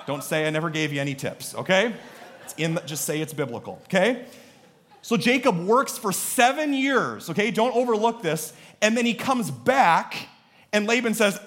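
Animated, joking male pastor. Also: high-pitched, normal speed. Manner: animated and joking, with sudden bursts of emphasis. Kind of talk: sermon.

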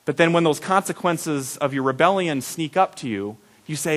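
A man preaching a sermon, telling a childhood story with acted-out voices and big swings between loud and soft. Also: a little high, moderate pace. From Iowa. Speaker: pastor.

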